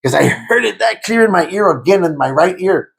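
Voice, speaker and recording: A man telling his conversion testimony in a conversation, repeating himself and stammering, and turning loud and fervent as he relives praying, with Spanish words slipping in. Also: high voice, animated, brisk, gravelly. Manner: grows loud and fervent when reliving prayer. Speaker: guest giving a testimony.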